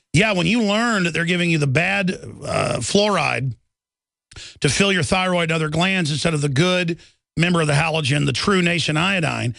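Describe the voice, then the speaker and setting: Gravelly, heated male talk radio host. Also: on the high side, a bit bright, no echo. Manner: heated, rambling, insistent. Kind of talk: talk radio monologue and taking calls.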